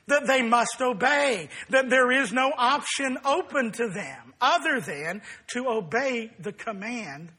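Slow, high-voiced husky male preacher. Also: lively intonation, pushed and bright. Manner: deliberate, emphatic preaching. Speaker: pastor. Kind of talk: sermon.

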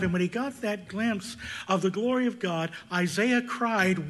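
A man preaching a sermon, swinging between loud emphatic peaks and hushed, intense passages. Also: sits high, animated, moderate pace. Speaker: pastor.

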